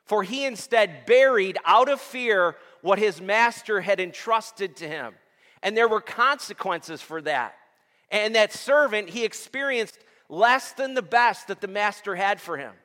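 A man's voice: high voice, animated, measured pace, sharp tone. A male pastor preaching a sermon to his congregation, asking them questions and waiting for answers. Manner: addresses the congregation with call-and-response questions. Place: church sanctuary. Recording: long hall reverb.

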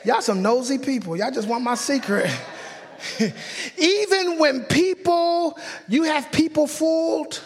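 A man preaching a sermon in a church, fervent and joking with the congregation, often breaking into excited yelling. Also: extremely high pitch, slow. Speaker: pastor. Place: church sanctuary. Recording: long church hall reverb.

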